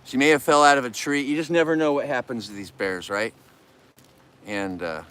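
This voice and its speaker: A man's voice: mid-range voice, moderate pace, a bit bright, clear, resonant tone. A man vlogging casually to the camera about his bears, in an emotional, rambling and earnest way, at times turning bitter and heated. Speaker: vlogger who keeps bears.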